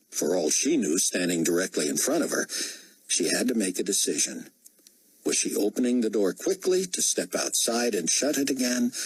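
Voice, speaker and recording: A man reading an audiobook in steady, measured narration. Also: low voice, slightly rough, no echo, poor audio. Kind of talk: scripted narration.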